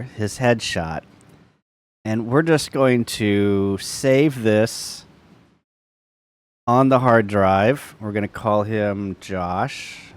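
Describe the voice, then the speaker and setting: Easygoing male YouTube host, narrates each step as he goes, relaxed screen-demo delivery. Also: medium pitch, clean tone. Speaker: ham radio YouTuber. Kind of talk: casual screen-recording walkthrough.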